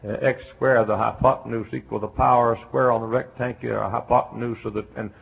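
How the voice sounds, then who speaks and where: A man's voice: medium pitch, flat delivery, a little fast. A middle-aged man with a Southern American accent preaching a folksy, storytelling sermon. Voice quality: gravelly. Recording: tinny lo-fi phone-like recording.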